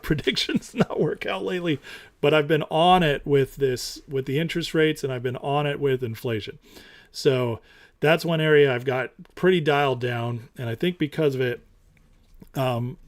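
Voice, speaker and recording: Man, casual market commentary, animated, repeats points, slightly high voice. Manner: animated, opinionated, repeats himself for emphasis; mocks others in high put-on voices. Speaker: stock market show host.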